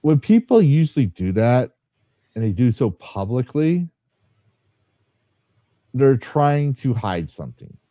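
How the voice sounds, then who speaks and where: A man's voice: mid-range voice, big pitch swings, slow, pauses often, no echo. A man hosting a podcast in casual chat, rambling and joking, often stopping to restart his sentences. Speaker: podcast host. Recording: slightly dull, dry sound.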